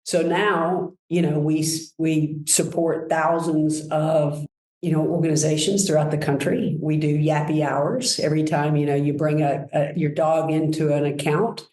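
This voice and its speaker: A woman guest telling enthusiastic, animated stories about her work in a relaxed conversation. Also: low voice, unhurried, roomy sound, low-quality recording. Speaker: guest, brand executive. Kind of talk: conversational storytelling.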